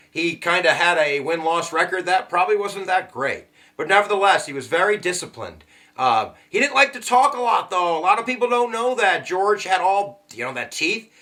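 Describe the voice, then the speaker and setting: A man teaching a casual history lesson, joking and slangy with quick asides. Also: fairly high pitch. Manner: jokey, slangy and animated, with sudden asides.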